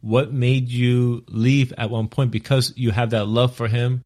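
A man's voice: mid-range voice, flat delivery, a little slow, darkish tone. A man interviewing a guest, reacting with hesitant, searching remarks and questions.

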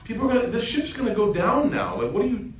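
A man's voice: big pitch swings, fast, a little hiss or hum. A man voicing a flustered young man who keeps objecting and then pleads for forgiveness in a raised, exasperated voice, heard in a storytelling sermon. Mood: alarmed. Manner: exasperated, pleading, high-pitched outbursts. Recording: roomy sound from a distant mic.

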